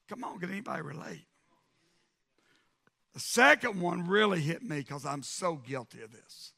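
A middle-aged male pastor preaching a sermon, building to emphatic, shouted repetitions. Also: fairly high pitch, animated, moderate pace, creaky, pauses often.

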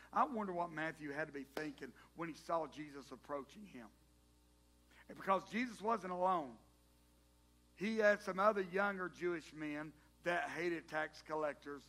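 A male pastor, preaching a sermon as an animated storyteller who jokes with the congregation. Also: on the high side.

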